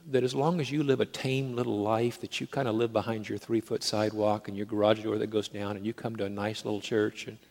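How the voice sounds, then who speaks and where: A man preaching a sermon, moving between loud, emphatic declarations and hushed, intimate storytelling. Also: fairly low pitch. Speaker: pastor.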